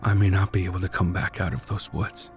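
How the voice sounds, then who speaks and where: A man narrating a first-person horror story in a measured, tense, brooding way. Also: low voice, soft background music. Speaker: guest narrator.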